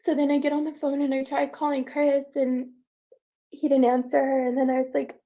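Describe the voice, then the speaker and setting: A woman telling her own painful story in a halting, tearful way, full of "like" fillers. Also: sits high, flat delivery, lo-fi sound. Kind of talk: emotional first-person account.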